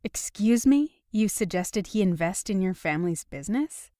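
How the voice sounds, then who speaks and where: A woman's voice: medium pitch, lively intonation, normal speed, warm tone, no room sound, studio quality, natural voice. A woman voicing an upset young woman who is defensive and sarcastic in an audiobook. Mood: angry. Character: upset young woman, guarded and sharp-tongued. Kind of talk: audiobook dialogue reading.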